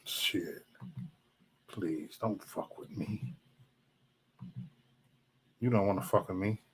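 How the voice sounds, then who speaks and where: A man's voice: low voice, slow, slight background noise. A man hosting a live stream, ranting profanely at chat trolls in a loose, mocking way. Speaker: livestream host.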